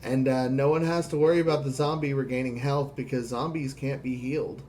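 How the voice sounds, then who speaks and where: A man narrating a tabletop role-playing game as game master, quick and dramatic. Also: mid-range voice, steady tone, darkish tone, slight background noise.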